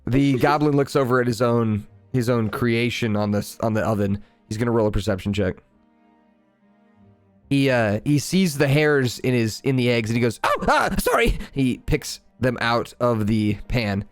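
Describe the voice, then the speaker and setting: A man's voice: mid-range voice, normal speed, no echo, faint music behind. Man game master, mid-range voice, dry close mic, easygoing. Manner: relaxed, chatty, laughs easily. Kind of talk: narrating a tabletop game.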